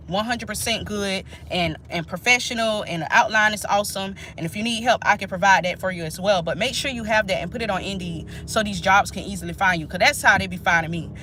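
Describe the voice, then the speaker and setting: A woman's voice: medium pitch, fairly quick, few pauses, sharp tone, slight background noise. A woman, chatting casually and emphatically to her viewers during a live stream. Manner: chatty, emphatic, talks straight to viewers as "y'all". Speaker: nurse and channel host.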